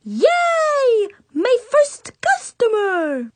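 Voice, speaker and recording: A woman's voice: extremely high pitch, big pitch swings, takes it slowly, a bit bright, no room sound, voice pushed up, exaggerated voice. A woman voicing a bossy six-year-old girl who plays a posh hairstylist with an awful fake French accent, grand and theatrical. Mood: squealing.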